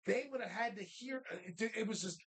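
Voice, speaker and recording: A man co-hosting a live show from a bar, telling stories in an animated, casual way and swearing freely. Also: sits high, brisk, husky. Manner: animated storytelling, heavy swearing. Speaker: co-host.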